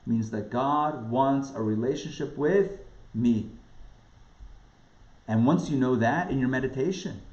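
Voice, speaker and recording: A man from the New York area, a rabbi teaching a class with animated, emphatic delivery and repeated words for stress. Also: medium pitch. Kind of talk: lively lecture on a spiritual text. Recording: roomy, dull lo-fi sound.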